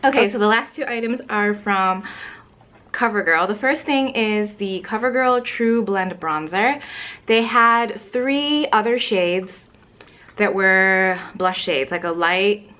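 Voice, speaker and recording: A woman's voice: medium pitch, slow, bright, forceful tone. A young woman chatting casually to camera at home about makeup, rambling with lots of fillers and a little out of breath. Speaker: beauty vlogger.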